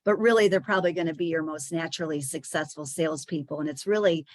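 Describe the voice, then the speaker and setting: A woman's voice: deep voice, fast, no echo. A woman giving a chatty presentation to sales leaders, with frequent fillers and small restarts.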